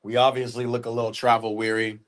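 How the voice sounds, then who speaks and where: A man's voice: medium pitch, level tone, fast talker. A young man hosting a football watch party, chatting casually with joking, slangy reactions. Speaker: sports watch-party host. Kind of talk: casual live reaction commentary.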